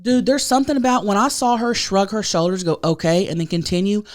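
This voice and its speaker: A woman in her thirties co-hosting a podcast, telling stories in an animated, casual way, swearing freely and acting out what other people said. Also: medium pitch, brisk. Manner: animated storyteller who swears freely and acts out quoted voices. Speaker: podcast co-host.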